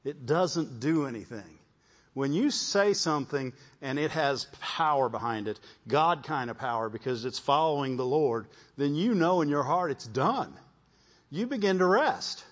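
A man's voice: a little high, lively intonation, unhurried, highs cut off. A man preaching a testimony sermon, repeating his words and calling out "Amen?" to the congregation. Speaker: pastor.

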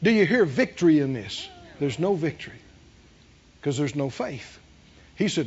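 A man's voice: fairly high pitch, big pitch swings, moderate pace, darkish tone, breathy edge, dull audio. A man preaching a sermon, emphatic and repeating his phrases, with call-and-response to the congregation. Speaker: pastor.

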